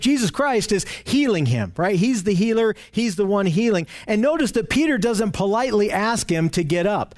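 Man with a high voice leading a group Bible study, earnest and explanatory. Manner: earnest and explanatory, often asks the group questions.

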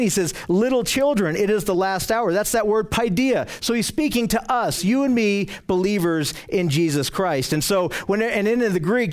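A man teaching a verse-by-verse sermon as a pastor, reading scripture aloud and explaining it with repeated emphasis. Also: high-pitched. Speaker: pastor teaching a Bible study. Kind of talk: expository sermon. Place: church with slides on a screen.

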